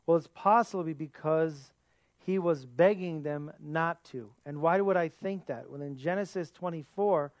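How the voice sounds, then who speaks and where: A man's voice: a little high, measured pace, no room sound. A man giving a sermon as a pastor, earnest, asking his listeners rhetorical questions.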